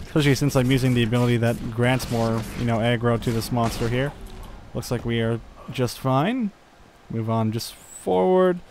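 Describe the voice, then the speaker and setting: A man's voice: medium pitch, normal speed, noisy background. A young man giving casual gameplay commentary, thinking aloud with lots of fillers and chuckles. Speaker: gaming channel host.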